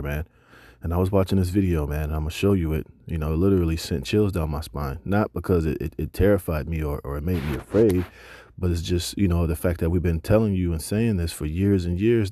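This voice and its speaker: A man's voice: low voice, mellow, no room sound. A man teaching a Bible lesson, reading scripture and then preaching emphatically with casual slang asides.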